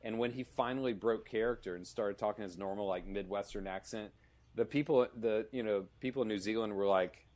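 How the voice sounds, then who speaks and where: A low-pitched man hosts a casual podcast chat. He talks with eager enthusiasm, rambling through stories with many restarts and asides. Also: fairly quick, a little mellow. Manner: enthusiastic, rambling, retells scenes with laughs. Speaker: podcast host. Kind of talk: casual conversation.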